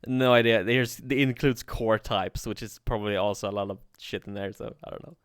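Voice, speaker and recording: A man teaching coding on a livestream in a relaxed way, thinking aloud and swearing casually. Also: fairly low pitch, a little fast, clear, resonant tone, no room sound, clean studio sound. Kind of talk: casual live coding tutorial.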